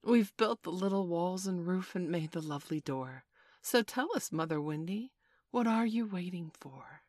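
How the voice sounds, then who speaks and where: A woman's voice: fairly low pitch, lively intonation, normal speed, a little mellow, dry recording, clean studio sound. A woman reading a storybook and voicing a group of eager little boys who chant together in a sing-song way.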